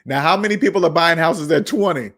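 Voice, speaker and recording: A man's voice: fairly high pitch, fast talker, a bit bright. A man hosting a personal finance channel, talking in an emphatic, preachy way, repeating his points and scolding viewers. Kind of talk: emphatic monologue.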